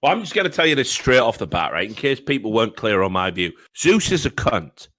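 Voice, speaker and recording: Bright, forceful man ranting bluntly. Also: lowish voice, very animated, quick pace. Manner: blunt, emphatic, stammers into rants. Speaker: podcast host. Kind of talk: casual profane podcast rant. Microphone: remote call mic.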